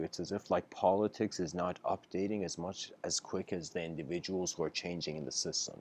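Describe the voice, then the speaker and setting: A man's voice: deep voice, a little mellow. A man giving a casual storytelling lecture, laughing often, acting out his characters' lines, and talking with plenty of fillers and restarts. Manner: acts out characters' lines in quoted voices.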